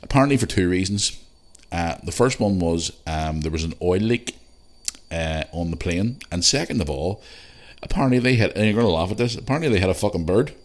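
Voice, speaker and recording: A Northern Irish man with a very low, deep voice tells a rambling story for his podcast at home. He swears freely and pads his talk with fillers and restarts. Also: fairly quick. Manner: swears freely, animated anecdotes with lots of fillers. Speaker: podcast host. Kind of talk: casual solo podcast storytelling. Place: living room at home.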